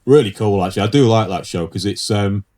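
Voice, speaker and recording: A man's voice: on the low side, fast talker, a little mellow. A man co-hosting a casual podcast chat, rambling and laughing easily as he tells stories. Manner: rambling, laughs often, restarts. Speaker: podcast co-host, pinstriper.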